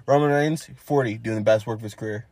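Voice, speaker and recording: A man's voice: lowish voice, fast talker, darkish tone, no echo. A man co-hosting a casual wrestling podcast, recapping matches blow by blow with many fillers. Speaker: podcast co-host.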